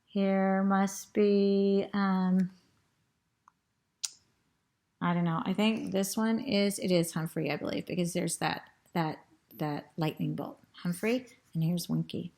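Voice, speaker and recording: A woman with a throat tickle reading a storybook aloud to children, pausing to point at pictures and ask them questions. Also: fairly low pitch, fairly even intonation, a little mellow.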